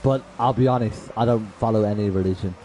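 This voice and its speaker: A quick-paced, low-leaning, mellow male voice comes through a rough recording with a little hiss or hum. He streams a game and chats straight to viewers, slangy and full of "bro," swearing and raging at plays before apologizing.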